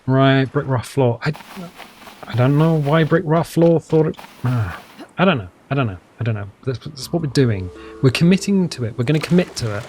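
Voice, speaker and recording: With slight background noise, a man speaks at normal speed in a medium-pitched, expressive, slightly mellow voice. He offers loose let's-play commentary on a survival game, drifting along, addressing himself, and making fun of himself.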